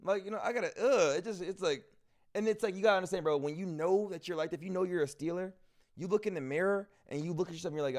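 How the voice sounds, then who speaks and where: A man's voice: high voice, fast talker. A young man chatting casually on a stream, rambling with asides. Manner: rambling, self-interrupting asides. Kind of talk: casual chat.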